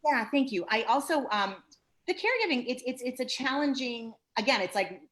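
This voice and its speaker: A woman therapist speaking on a panel discussion, expressive and acting out encouraging and critical inner voices. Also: high-pitched, a little fast.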